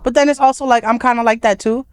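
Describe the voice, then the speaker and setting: A woman's voice: on the high side, fairly even intonation, fast, clean tone, dry recording, clean studio sound. A woman co-hosting a podcast, talking in blunt, teasing, profane casual banter. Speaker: podcast co-host.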